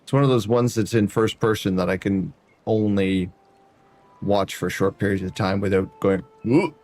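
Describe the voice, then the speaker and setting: A man's voice: fairly low pitch, fairly even intonation, moderate pace, darkish tone. A man streaming a building game, chatting casually and talking to viewers by name as he plays. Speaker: variety streamer. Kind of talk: casual gameplay commentary.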